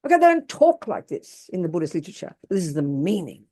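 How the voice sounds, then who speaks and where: A woman's voice: fairly low pitch, big pitch swings, fast talker, mellow. A woman giving a Buddhist teaching to an audience, blunt, emphatic and colloquial. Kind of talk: Dharma talk to an audience.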